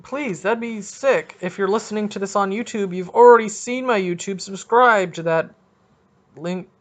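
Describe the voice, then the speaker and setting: A man from Canada hosting a casual solo podcast, rambling and joking as he thinks out loud. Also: high-pitched, moderate pace. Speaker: podcast host. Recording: dull lo-fi recording.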